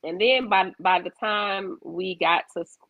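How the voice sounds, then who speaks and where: A woman chats on a podcast in a gravelly voice. She tells her stories with animation and throws her pitch high when she quotes people. The recording is dry and a little dull. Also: measured pace, no room sound. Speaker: podcast co-host. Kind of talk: casual chat. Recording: dull lo-fi sound.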